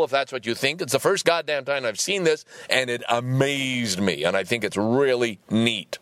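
A man hosting a casual solo podcast, ranting in an animated and profane way. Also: medium pitch, moderate pace, hardly any pauses, dry recording. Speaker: podcast host.

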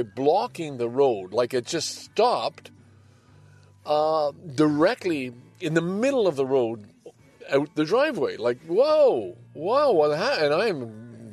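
A man's voice: mid-range voice, a little mellow. An older man hosting a podcast, talking from home in a rambling, casual monologue that swings between heavy and lighthearted. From Canada. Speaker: podcast host. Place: home, by a window.

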